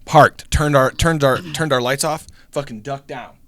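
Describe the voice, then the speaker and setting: A young podcast co-host tells a story in a casual, animated way, swearing often and acting out the voices of the people in it. His pitch is medium and his delivery a little slow.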